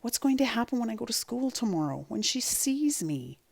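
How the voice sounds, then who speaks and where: A woman's voice: a little high, sing-song, normal speed, creaky, darkish tone, voice pushed up, full character voice. A woman reading aloud and voicing an anxious, exasperated third-grade boy. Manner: worried, insistent, exasperated.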